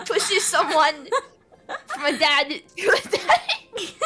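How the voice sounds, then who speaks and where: Slow, giggly high-voiced woman guest. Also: very animated, noisy background. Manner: shy, giggly, teasing. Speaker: guest streamer. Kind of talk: casual live-stream chat.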